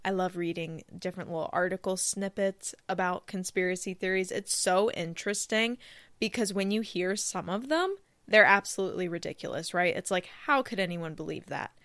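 A woman's voice: lowish voice, normal speed, a bit bright, dry recording. A woman hosting her own podcast, chatting casually and rambling off topic while speaking close to a microphone. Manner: rambling, chatty, self-deprecating. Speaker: podcast host. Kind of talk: casual solo podcast chat. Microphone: close studio microphone.

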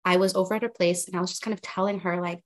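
Chatty young woman, low voice. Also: very fast. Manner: chatty, filler-heavy, animated retelling. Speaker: podcast guest, journalist. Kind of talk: casual interview storytelling.

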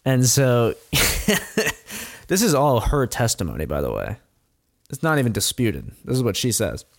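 A man's voice: medium pitch, wildly swooping pitch, moderate pace, no room sound. A man in his middle register spins a story in loose, rambling talk, chuckling often and dropping blunt, profane asides. The sound is dry and close, with no room around it. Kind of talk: casual storytelling chat.

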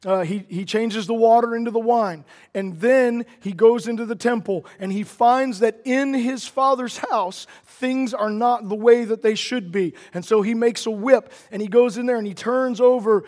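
A man delivers a sermon in a noticeably high voice. He speaks earnestly, doubles back on his words, and presses toward emphatic statements. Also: normal speed, hardly any pauses, a little mellow, in a large hall. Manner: earnest, repeats words, builds to emphatic declarations. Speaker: preacher.

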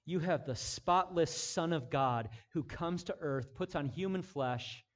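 Emphatic preaching man, high voice. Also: unhurried. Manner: swings from hushed intimacy to loud emphatic preaching; repeats phrases for emphasis. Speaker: pastor. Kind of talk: sermon.

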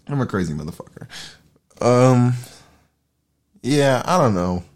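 A man's voice: mid-range voice, lively intonation, unhurried. A man hosting a podcast in a casual monologue, rambling, profane and self-deprecating. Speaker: podcast host.

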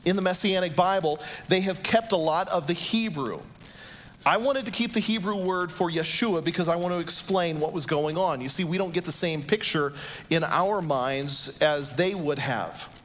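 Preaching man with a fairly high voice. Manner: preaching, slows down and rises to shouted quotes. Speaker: pastor. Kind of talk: sermon.

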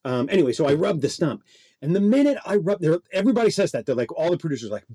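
A man guest telling a rambling, animated story in casual conversation, hedging as he goes. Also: fairly high pitch, rapid-fire, husky, dry recording, clean studio sound. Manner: rambling, self-doubting, animated. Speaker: guest, performer.

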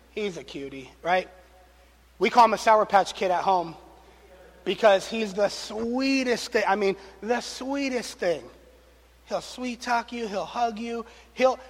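A young man preaching a sermon to his congregation in a conversational, animated way, speaking straight to the people in front of him. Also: high-pitched. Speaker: pastor. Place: church sanctuary. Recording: long reverb of a large hall.

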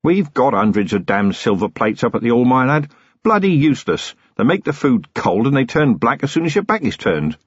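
A man's voice: mid-range voice, sing-song, moderate pace, slightly rough, no echo, pitched above the performer's own voice. A man reading a novel aloud, voicing a seasoned city police commander who talks dry, plain and wry. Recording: dull lo-fi audiobook recording.

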